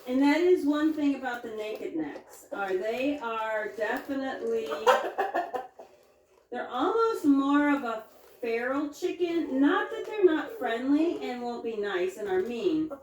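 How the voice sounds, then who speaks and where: Woman homesteader, casual chore-time chatter, lively pitch that jumps high when she coaxes her animals; recorded from a distance in an echoey barn with faint clucking behind. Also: unhurried, slight background noise. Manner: chatty, switches into high sing-song coaxing when talking to her animals. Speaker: homesteader milking her goats. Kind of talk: casual chat while doing farm chores. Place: indoor barn or milking shed with chickens. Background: chickens clucking.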